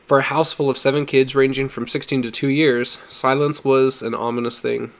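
A man reading a story aloud in a steady, measured narration. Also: mid-range voice. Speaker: audiobook reader.

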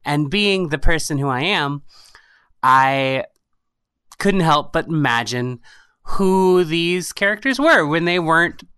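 Bright-voiced woman telling stories animatedly. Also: low-pitched, takes it slowly, clean tone. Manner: animated storytelling with frequent laughs. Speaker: podcast guest, writer and storyteller. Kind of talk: casual interview chat.

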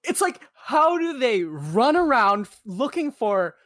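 A woman's voice: on the high side, very animated, unhurried, no room sound, clean studio sound. A woman chatting casually about a film, emphatic and playful in her reactions.

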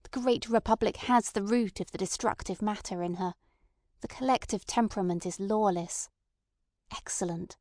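A woman's voice: medium pitch, moderate pace, darkish tone, dry recording, studio quality, natural voice. A woman voicing a small, detached man who talks with lofty scorn and no feeling. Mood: scornful. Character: cold scornful small male bomb-maker.

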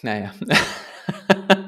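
Chatty man hosting a podcast. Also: drawn-out words. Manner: animated storyteller, chatty. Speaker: podcast host. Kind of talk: casual podcast chat.

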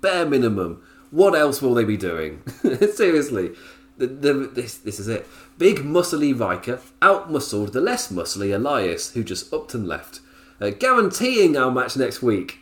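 A man's voice: medium pitch, very animated, a little slow, a bit bright. A young man reviewing a wrestling show alone in a rambling, giggly, self-mocking way. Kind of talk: casual solo commentary.

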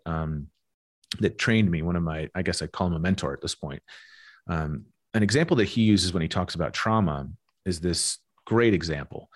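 A man's voice: sits low, breathy edge. A young adult man talking frankly and reflectively in a podcast conversation, swearing casually as he goes. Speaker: guest.

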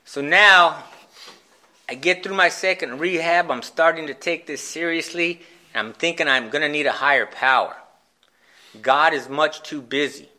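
Candid man with a bright, forceful voice. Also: fairly high pitch. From Phoenix, Arizona, USA. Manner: candid and self-mocking, halting restarts and acted-out quotes. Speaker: speaker sharing a recovery story. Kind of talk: personal storytelling talk at a recovery meeting.

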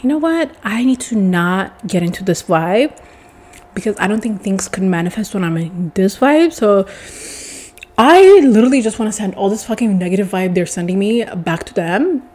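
A woman's voice: medium pitch, lively intonation, normal speed, a little mellow. A woman ranting to the camera in a casual vlog, swearing often and sounding exasperated. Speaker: vlogger.

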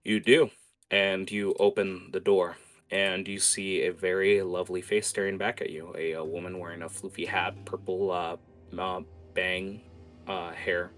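A man narrating as game master of a tabletop game, casual and halting with lots of fillers. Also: low voice, flat delivery, fairly bright tone.

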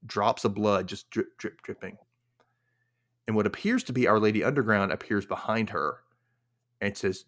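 Man, low voice, casual recap chat, chatty, lots of fillers, acts out quotes. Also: expressive, normal speed, long pauses, a bit bright. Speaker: podcast host.

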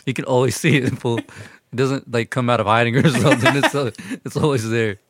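A man's voice: mid-range voice, fairly even intonation, brisk, slight background noise. A young man in casual chat with friends, cracking crude jokes. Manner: joking, crude banter.

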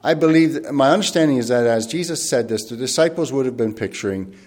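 Male preacher, mid-pitched voice, earnest and reflective, reads verses slowly and formally. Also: lively intonation, a little mellow. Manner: thoughtful and earnest, often pausing and rephrasing. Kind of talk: sermon.

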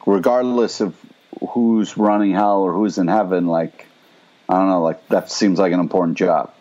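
A man with a low voice and a dull, lo-fi sound, talking bluntly and swearing freely. He pushes strong opinions as he recaps a TV episode with a co-host. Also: fairly even intonation, normal speed, dark tone. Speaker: podcast co-host. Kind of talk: casual TV recap chat.

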